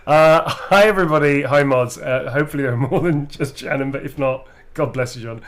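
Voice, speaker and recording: A man's voice: medium pitch, a little fast. A man hosting an autograph live stream, chatting casually in a playful, self-mocking way.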